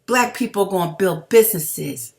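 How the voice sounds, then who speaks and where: A woman's voice: medium pitch, expressive, moderate pace, darkish tone. A woman delivering a heated, blunt, profane commentary rant straight to her viewers, calling them family. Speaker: video blogger.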